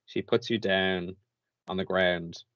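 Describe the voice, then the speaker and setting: A man narrating a tabletop game as game master, with relaxed, lively description. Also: sits low, takes it slowly, no echo, dull audio.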